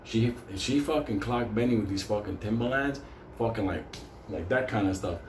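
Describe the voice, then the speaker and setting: A man's voice: lowish voice, moderate pace, a little hiss or hum. A man telling a street-fight story from his youth in a loose, profane, rambling way, often breaking into laughs. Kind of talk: casual storytelling. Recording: echoey room with faint ambience.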